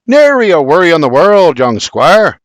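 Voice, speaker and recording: A man's voice: fairly high pitch, sing-song, normal speed, no room sound, pitched above the performer's own voice. A man voicing a proud, teasing father in a bluff brogue, in an audiobook. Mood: jovial.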